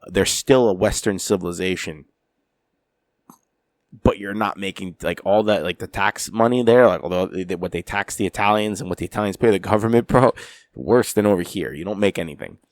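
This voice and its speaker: A man's voice: sits low, brisk, no echo. A man co-hosting a podcast in casual, profane chat, calling his friend "bro" a lot. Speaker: podcast co-host.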